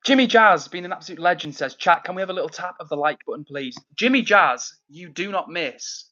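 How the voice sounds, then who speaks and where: A man, from near Manchester, hosting a casual livestream from indoors at home. He reads out chat messages and answers them in a friendly, upbeat way, with plenty of fillers and shout-outs. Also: high voice, expressive, quick pace, lo-fi sound. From England, near Manchester. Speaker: livestream host reading chat.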